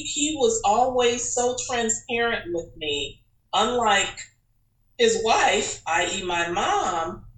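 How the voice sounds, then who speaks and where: A woman guest tells personal stories in an animated, chatty way. Her voice is bright and clear, and it rings around an echoey room. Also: medium pitch. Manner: animated and chatty, with many fillers and restarts. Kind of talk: casual personal storytelling.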